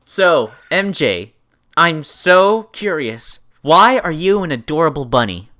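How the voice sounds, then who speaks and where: A woman's voice: sits low, big pitch swings, takes it slowly, fairly bright tone. A woman hosting a casual online interview, playful and exuberant, swearing freely. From Canada. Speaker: podcast host. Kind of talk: casual video-call interview.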